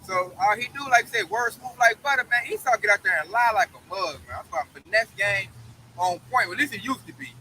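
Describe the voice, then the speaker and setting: Brief: high, bright-voiced male Bible teacher, emphatic and slangy, with faint traffic in the background. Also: a little fast, low-quality recording. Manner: emphatic, slangy, keeps saying "man". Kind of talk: casual preaching discussion.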